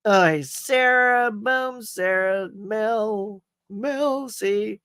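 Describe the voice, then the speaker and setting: A man's voice: high voice, very slow, bright, forceful tone, clear, resonant tone, no echo, studio quality. Chatty man hosting a live stream. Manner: chatty, rambling, greets and reads viewer comments; friendly, says y'all and man often. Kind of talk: casual live-stream chat.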